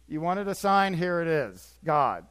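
An older man preaching a sermon as pastor, swinging between quiet asides and emphatic, repetitive points. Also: fairly high pitch, smooth.

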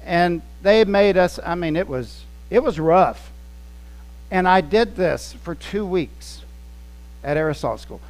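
A man's voice: high-pitched, lively intonation, slow, darkish tone, low-quality recording. A male pastor preaching in a conversational way, telling anecdotes and acting out scenes as he goes. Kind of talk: storytelling sermon.

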